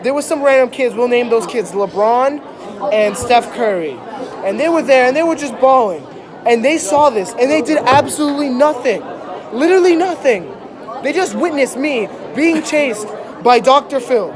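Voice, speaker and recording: A man's voice: very high voice, animated, moderate pace. Young male comic storyteller, exaggerated and mock-dramatic, performing for a live crowd. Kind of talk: comedic storytelling to an audience. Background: crowd, laughter.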